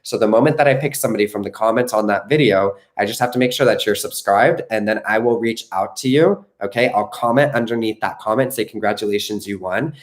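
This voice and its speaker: A man's voice: on the low side, quick pace, hardly any pauses. A man coaching viewers on a live stream, earnest and reassuring, often checking in with "okay?". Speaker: manifestation coach.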